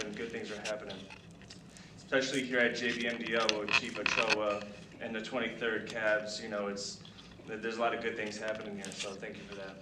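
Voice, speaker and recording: A middle-aged man giving a halting, emotional retirement speech full of fillers and restarts. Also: medium pitch. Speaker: retiring senior master sergeant giving a speech. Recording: echoey hall, distant mic, noisy.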